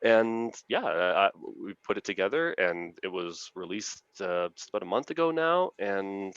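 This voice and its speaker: A man's voice: deep voice, very animated, fairly bright tone, clean tone, no room sound. A man, an author chatting earnestly and enthusiastically as an interview guest over a video call. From Canada. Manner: earnest, enthusiastic, quick to laugh. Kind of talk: casual interview chat. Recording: dull lo-fi dry sound.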